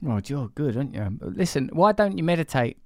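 A man's voice: on the high side, sing-song, brisk, dry recording, clean studio sound. A man, hosting a podcast in a rambling, self-deprecating way and swearing casually. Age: 40s. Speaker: podcast host.

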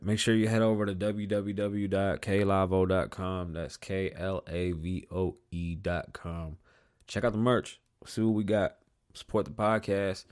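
A man hosting his own podcast from a small studio, talking casually, swearing often and getting loud and animated when he tells a story. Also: low voice. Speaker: podcast host. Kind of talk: casual solo podcast talk.

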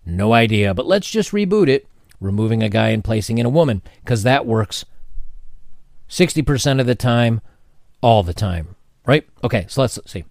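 A man's voice: medium pitch, dry recording. Sarcastic man ranting to camera, dry sound. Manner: animated, sarcastic asides, frequent restarts. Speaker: commentary channel host. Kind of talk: casual opinion commentary to camera. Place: home setting with changing sunlight.

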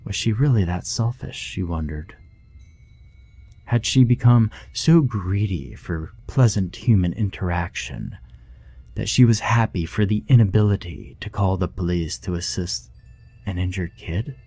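Male horror narrator, deep, dark tone, expressive rise and fall. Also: gravelly, no echo, faint music behind. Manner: slow and measured, dramatic. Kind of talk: scripted horror story narration.

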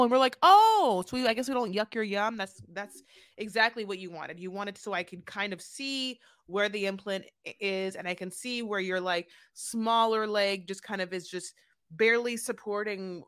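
A woman's voice: medium pitch, sharp tone, clean tone. A woman co-hosting a podcast, chatting casually and sarcastically, rambling with lots of fillers. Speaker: podcast co-host. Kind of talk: casual chat recapping a reality show.

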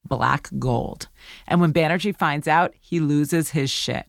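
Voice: medium pitch, takes it slowly, vocal fry, no room sound, studio quality. A host delivering scripted documentary narration in a conversational, wry way.

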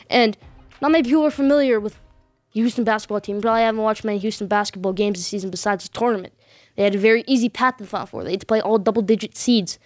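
A woman's voice: a little high, a little mellow, no echo, studio quality. Emphatic woman giving sports picks. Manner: emphatic, insistent, repeats short affirmations. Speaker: sports vlog host. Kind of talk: casual sports predictions.

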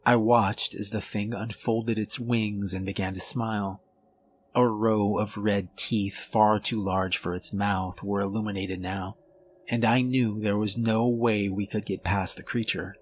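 A man reading a horror story aloud in a measured, calm storytelling manner. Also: lowish voice, slight background noise. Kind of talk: scripted horror story narration.

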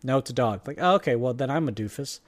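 A young man chatting casually and jokily as a podcast co-host, rambling and animated. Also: medium pitch, fast. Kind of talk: casual chat.

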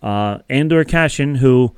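Man, smooth clear voice, dry close sound, casual rambling recap, lots of fillers. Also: mid-range voice, measured pace, no room sound. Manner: rambling, filler-heavy storytelling. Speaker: podcast co-host.

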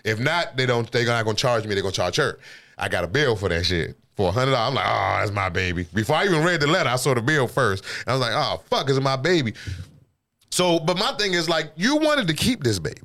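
A podcast host in his thirties talks fast in a mid-range, fairly bright voice that is very animated. He rambles through a personal story in casual chat full of swearing, often asking "you know what I'm saying".

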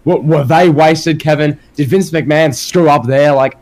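A man's voice: fairly high pitch, a little slow, a little mellow. An Australian man hosting a casual wrestling podcast, firing off rhetorical questions with a sarcastic edge. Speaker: podcast host.

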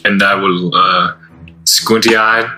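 Deep voiced guy playing d&d, really sharp bright tone, dry delivery. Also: fairly even intonation, slow, low-quality recording. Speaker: player. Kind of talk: tabletop role-play.

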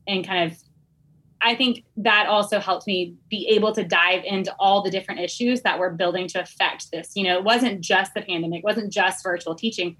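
Bright-voiced woman telling her story. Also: mid-range voice, fairly even intonation, a little fast, husky, rough recording. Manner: candid, earnest storytelling. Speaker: podcast guest, teacher. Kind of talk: casual podcast conversation.

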